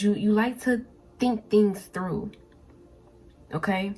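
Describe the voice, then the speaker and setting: A woman's voice: mid-range voice, fairly even intonation, measured pace, long pauses, warm tone. A woman doing a pick-a-card tarot reading in a mid-range voice. She talks casually and speaks straight to her viewers, often repeating and restarting her phrases. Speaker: tarot reader.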